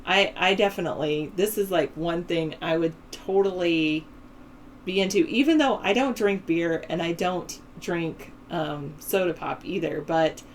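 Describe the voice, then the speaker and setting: A woman's voice: lowish voice, a little slow, slight background noise, poor audio. A woman with a Southern California valley-girl accent hosting a call-in show, chatting casually and rambling as she reads news and answers viewers' chat. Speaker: host of a call-in political show.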